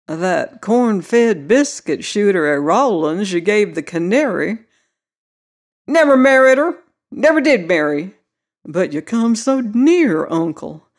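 A reader voicing a young Southern cowboy who teases an old man with gentle, straight-faced mock concern. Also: medium pitch, slow. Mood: teasing. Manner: gentle, solicitous, deadpan teasing. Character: young Southern cowboy, twenty-four, teasing with mock gravity. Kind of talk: audiobook character voice.

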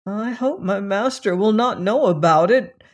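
A storyteller giving voice to a curious, timid young male servant in a fairy tale read aloud, speaking slowly with a raised, pleading voice. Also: medium pitch, lightly acted.

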